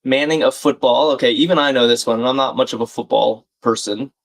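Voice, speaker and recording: A man's voice: mid-range voice, fairly quick, creaky. A man hosting a live crossword-solving stream, chatting casually, thinking aloud and reading out viewer comments. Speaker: livestream crossword host. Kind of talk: live puzzle-solving chat.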